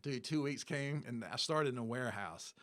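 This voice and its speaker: A man's voice: mid-range voice, normal speed. A man in his fifties, an interview guest, telling a long story in casual chat and acting out the people in it. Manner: animated storyteller, acts out dialogue.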